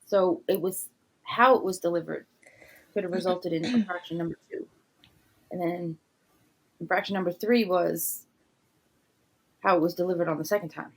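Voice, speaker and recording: Animated woman telling a story. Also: fairly low pitch, moderate pace, pauses often, breathy edge. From big city. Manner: animated, acts out voices in her stories. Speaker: podcast guest. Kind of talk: storytelling in casual discussion.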